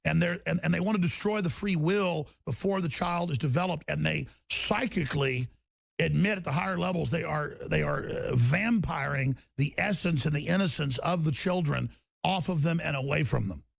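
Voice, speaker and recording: A male radio host delivering an impassioned rant, intense and repetitive, breaking into shouting. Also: fairly high pitch, normal speed, creaky, dry recording, clean studio sound.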